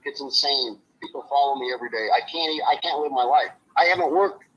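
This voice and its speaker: A man's voice: medium pitch, steady tone, fast talker, fairly bright tone, husky, highs cut off. A man speaking as an interview guest, blunt and swearing freely, his voice rising when he gets upset. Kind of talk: emotional interview on a live stream.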